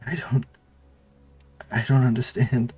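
A man's voice: mid-range voice, flat delivery, takes it slowly, warm tone, faint music behind, voice pushed up, close to an everyday voice. A man voicing a stammering frightened teen. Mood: confused. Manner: pleading, breathless, stammering. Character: battered, frightened teenage youth. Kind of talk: audiobook narration.

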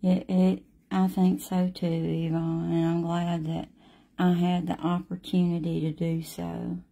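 A middle-aged woman with a drawl talks viewers through a watercolor painting at an unhurried pace. Her voice is low, gravelly and mellow, and she is chatty and friendly with her audience. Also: monotone. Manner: slow, chatty, speaks to viewers by name.

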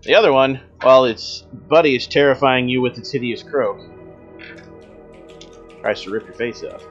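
A man's voice: mid-range voice, normal speed, lo-fi sound, soft background music. A man narrating as game master of a tabletop role-playing game, patiently explaining rules and describing combat.

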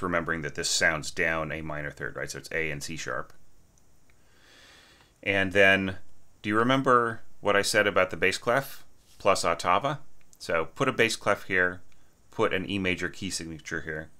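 Male music lecturer, very deep but bright tone, eager and chatty, casting for an online lesson. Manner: enthusiastic, often asks "right?", sings phrases. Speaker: orchestration lecturer.

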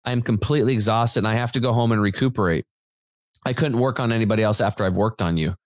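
A sweet, motherly massage therapist speaks gently and fusses over her client, as a man tells the story in her words. The voice is lifted only a little above his normal talk. The sound is close and dry. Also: fairly low pitch, fast, no echo, natural voice. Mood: warm, curious.

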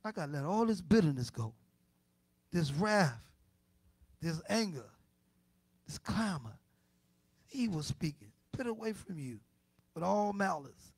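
A male church elder delivers a sermon in a notably high voice. His passionate preaching drops to near-whispers and climbs to loud peaks as he plays out the listeners' objections in rhetorical asides. The sound is close and dry, with no room echo. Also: big pitch swings, a little slow, long pauses, breathy edge. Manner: impassioned preaching with swings between hushed and loud.

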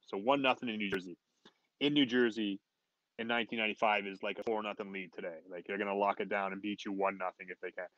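A man, a former hockey player, telling an anecdote in casual chat as a podcast guest, animated and laughing often. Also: lowish voice, quick pace, no room sound, lo-fi sound. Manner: animated, laughs often, quotes others in raised voices. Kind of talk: casual storytelling.

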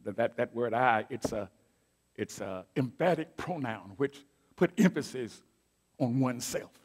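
A middle-aged man preaching a sermon as pastor, moving from quiet asides to loud declaimed scripture and calling out to his congregation. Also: medium pitch, unhurried, husky. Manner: call-and-response preaching, swings from soft asides to loud declaiming. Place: church sanctuary.

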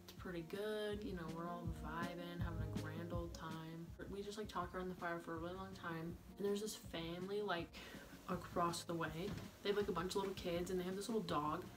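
A young woman vlogger telling a camping story in a chatty, animated way, full of "like" and quoted voices. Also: lowish voice, a little fast, over music. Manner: chatty, animated, heavy use of "like". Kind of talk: story time vlog.

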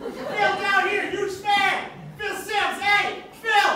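A man playing an overexcited male sports fan who keeps yelling up at a press booth in an echoey club. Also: very high-pitched, flat delivery, slow, a crowd in the background, noisy background, pitched above the performer's own voice. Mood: frantic yelling. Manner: frantic repeated shouting. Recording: echoey club mic from far off. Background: audience laughter.

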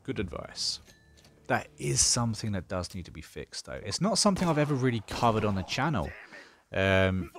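A man casually talking through a strategy game as he plays, thinking aloud with dry sarcasm. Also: lowish voice. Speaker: gaming channel host. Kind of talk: casual gameplay commentary.

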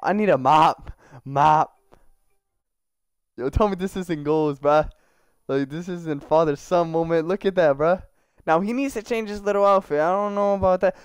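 A man's voice: a little high, normal speed, pauses often, clean tone, no echo, clean studio sound. A young man giving casual, slangy gameplay commentary, joking and talking to the characters in his game. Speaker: gaming YouTuber.

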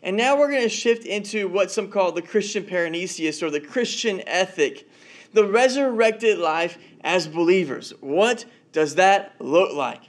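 High-voiced man preaching a relaxed sermon. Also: unhurried. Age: adult, married father. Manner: storytelling, repeats words as he goes. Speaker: pastor. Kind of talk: conversational sermon.

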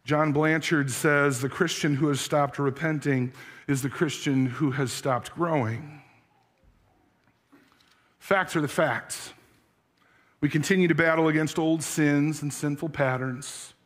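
A pastor preaching a sermon, earnest, asking the congregation searching questions. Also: male voice, fairly high pitch, steady tone, a little slow. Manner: tells a story with acted voices.

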